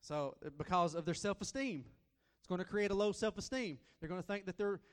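A man preaching a sermon as a guest preacher, folksy and repetitive, swinging between loud and soft. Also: high-pitched, a little fast, big-room sound.

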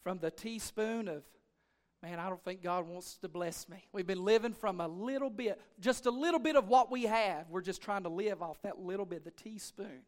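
High-voiced preaching pastor. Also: male voice, moderate pace. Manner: rising to shouted, rhythmic repetition. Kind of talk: preaching a sermon.

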